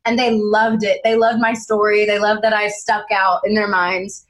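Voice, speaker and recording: A young woman, an actress being interviewed, telling dramatic anecdotes in a lively, animated way. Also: medium pitch, normal speed. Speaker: actress guest.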